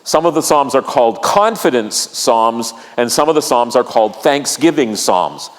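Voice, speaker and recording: A man's voice: medium pitch, expressive, normal speed. A man preaching a sermon as pastor, earnest and repetitive, asking the congregation questions and stressing key lines. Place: church sanctuary. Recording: church hall reverb.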